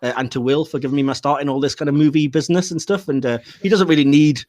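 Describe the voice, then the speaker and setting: A man's voice: a little high, fairly even intonation, fast, a little mellow. A man hosting a casual film podcast, chatting freely, laughing often and trailing off with fillers. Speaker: podcast host.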